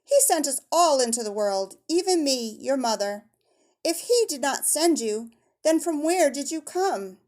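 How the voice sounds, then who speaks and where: A woman's voice: high voice, animated, unhurried, darkish tone, pitched above the performer's own voice. A woman voicing a troubled young Puritan mother who speaks earnestly and pleads with her child. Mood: pleading.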